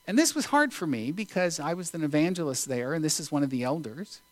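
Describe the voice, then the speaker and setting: A male preacher giving a sermon, telling a story in an unhurried, deliberate way with pauses. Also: fairly high pitch, expressive, no room sound.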